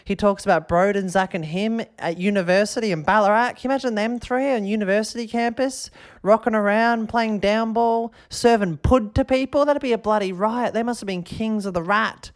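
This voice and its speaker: A man with an Australian accent hosting a podcast in a casual, rambling, excitable way, often tagging his sentences with a question. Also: sits high, brisk, smooth. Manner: rambling and excitable, keeps tagging "all right?". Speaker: podcast host.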